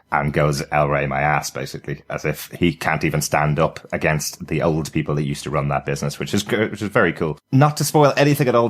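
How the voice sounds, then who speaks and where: A man with a very deep, low voice talks through a TV episode in a casual podcast chat. He is enthusiastic and chatty, and he laughs easily. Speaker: podcast co-host.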